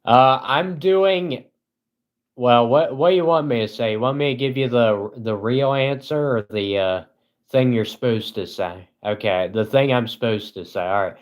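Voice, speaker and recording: A man chatting casually on a live stream, reading his chat and answering in a sarcastic, deadpan way, rambling with lots of "uh"s. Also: mid-range voice, normal speed. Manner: rambling, with frequent filler "uh".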